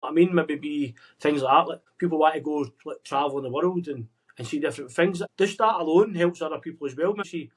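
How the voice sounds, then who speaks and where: An earnest man talks quickly, pressing out encouragement in a slightly raised voice. He keeps turning to the listener with a friendly "mate", like a pep talk between old friends. The sound is that of a video call. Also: fairly high pitch, husky. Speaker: podcast guest. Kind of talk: motivational casual chat. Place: remote conversation across the world.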